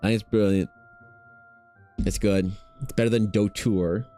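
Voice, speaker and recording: A man's voice: fairly low pitch, fairly even intonation, measured pace, warm tone, faint music behind. A man chatting casually on a stream in a laid-back, slangy, rambling way. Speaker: streaming artist. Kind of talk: casual chat on a livestream.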